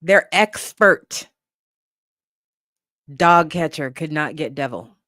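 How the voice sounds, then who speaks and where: A livestream host telling a story in a casual, lively way, swearing and laughing along the way. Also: mid-range voice, takes it slowly, dry recording, clean studio sound.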